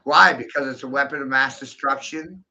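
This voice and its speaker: A man rants in a harsh, bright voice, slow and deliberate between sudden shouted bursts. His speech is profane, combative and repetitive. The recording is dull and lo-fi. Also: fairly high pitch, vocal fry. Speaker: monologuing video host. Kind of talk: ranting monologue to camera.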